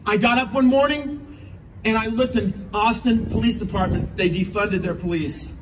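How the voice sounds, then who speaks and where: High-voiced fervent preacher man. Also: normal speed. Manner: fervent, preachy, rising into shouts. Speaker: preacher speaking at a rally. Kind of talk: impassioned sermon and prayer. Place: political rally. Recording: distant mic, faint ambient noise.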